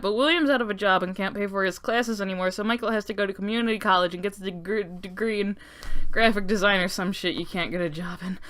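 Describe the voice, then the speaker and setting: A woman's voice: mid-range voice, a bit bright. A woman hosting a casual lore breakdown, talking sarcastically with lots of swearing and joking asides. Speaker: video essay host.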